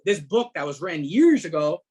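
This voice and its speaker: A middle-aged man, a podcast guest telling his story in a casual, animated way, repeating words and leaning on fillers. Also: fairly high pitch, normal speed, breathy edge. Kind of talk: casual testimony.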